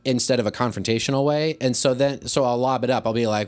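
A high school teacher co-hosting a podcast, talking casually and thinking aloud with frequent restarts. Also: male voice, quick pace. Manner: easygoing, acts out quoted lines in a livelier voice. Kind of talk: casual conversation.

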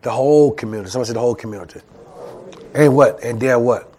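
A man's voice: medium pitch, very fast, mellow, a little hiss or hum. A man preaching a sermon as pastor, calling out to the congregation and acting out voices. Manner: call-and-response preaching, acts out voices. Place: church.

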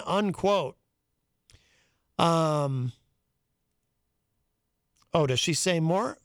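A man's voice: high-pitched, unhurried, clean tone, no room sound, studio quality. A man hosting a call-in talk show, reading news items aloud and commenting in a conversational way. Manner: conversational, thinking aloud with fillers and asides.

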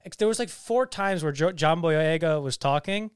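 A man's voice: fairly high pitch, lively intonation, normal speed, clean tone, no echo, clean studio sound. A young man co-hosting a casual movie review podcast, rambling with lots of fillers and teasing his friend. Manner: rambling, heavy on fillers and restarts; teasing, joking banter. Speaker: podcast co-host.

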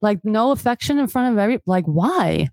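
A woman's voice: lively intonation, a little fast, a little mellow, no echo. A woman guest on a podcast chatting casually, swearing freely and acting out quoted voices, with Albanian as her first language. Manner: chatty, swearing, acts out quoted voices with big pitch jumps. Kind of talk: casual chat.

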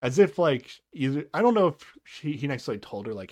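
A man's voice: mid-range voice, expressive, fast talker, hardly any pauses, dark tone. A young man co-hosting a podcast, chatting casually about a TV show, laughing often and hedging as he talks. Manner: laughs often, hedges with "like" and "I don't know". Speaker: podcast co-host. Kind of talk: casual recap chat.

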